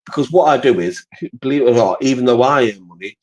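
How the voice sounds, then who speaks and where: A man's voice: medium pitch, expressive, fast talker, a little mellow, rough recording. Man, blunt, sweary, repetitive, casual stream chat. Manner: blunt, sweary, repeats himself. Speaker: guest on a live stream panel.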